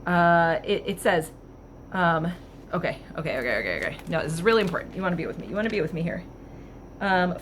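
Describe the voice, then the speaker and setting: A woman casually reading passages aloud and commenting on them with wry amusement, thinking out loud with fillers. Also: lowish voice, very animated, quick pace, a little hiss or hum. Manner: wry, chatty, laughs at the text. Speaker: vlogger.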